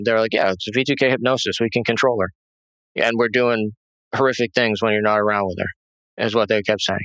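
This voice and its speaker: A man giving a halting, rambling personal testimony as an interview guest, full of fillers and restarts. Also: fairly low pitch, a bit bright, no room sound, rough recording.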